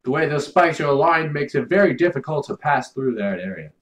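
Swearing, shouting gameplay commentator man. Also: a little high, lively intonation, fairly quick. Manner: yells and curses at the game. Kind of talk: video game commentary.

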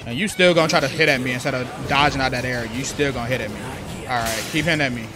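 A man's voice: mid-range voice, fast talker, a crowd in the background. A man giving playful gameplay commentary, trash-talking opponents as he plays. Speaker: gaming YouTuber. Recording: game music behind voice. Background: video game music.

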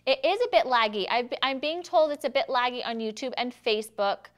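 A woman's voice: on the high side, expressive, brisk. A woman hosting a casual live stream, chatty and self-deprecating, laughing often between lines. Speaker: live show host.

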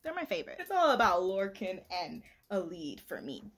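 A woman's voice: medium pitch, wildly swooping pitch, normal speed, vocal fry, background noise. A young woman vlogging about books she is reading, gushing and laughing often and sometimes reading passages aloud. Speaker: book vlogger. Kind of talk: casual reading vlog.

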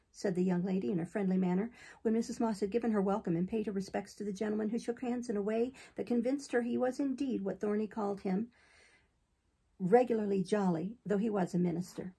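A woman reads a classic novel aloud in a steady, unhurried way. Her voice is deeply husky with a gravelly fry, and her tone is dark and mellow. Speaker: audiobook reader.

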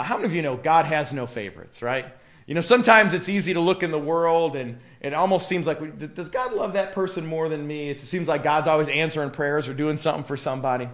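A male pastor giving a live devotional talk, earnest and emphatic, with casual fillers. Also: fairly high pitch.

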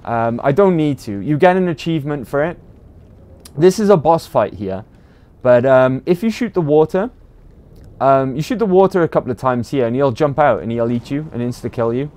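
A man's voice: medium pitch, expressive, normal speed, darkish tone. A man with a British accent, chatting casually to viewers while livestreaming a game, rambling with lots of ums and uhs. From Britain. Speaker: game streamer.

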